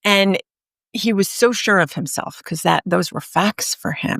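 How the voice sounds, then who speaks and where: Earnest woman telling a story, gravelly voice. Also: mid-range voice, a bit bright, no echo, studio quality. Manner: earnest, emphatic storyteller with pauses. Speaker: guest author and speaker. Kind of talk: storytelling in a podcast interview.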